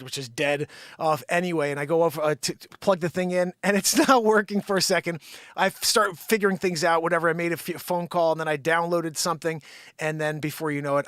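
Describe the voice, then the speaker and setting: A man hosts a live unscripted show and tells a long story in an animated, excitable rant. His voice sits a little high for a man. The sound is close and dry, with no room echo. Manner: animated, excitable, swearing-adjacent rants.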